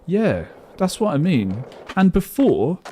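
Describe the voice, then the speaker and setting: Male streamer, casual chat while gaming, self-mocking rambles, mellow tone, faint background hiss. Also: on the high side, very animated, slow pace.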